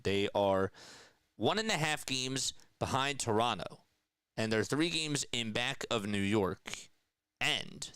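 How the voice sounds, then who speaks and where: Smooth, dry-voiced man calling basketball. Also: mid-range voice, a bit bright, dry recording, rough recording. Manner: casual, chatty, reads viewer comments aloud. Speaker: play-by-play announcer. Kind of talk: radio-style basketball play-by-play with live chat.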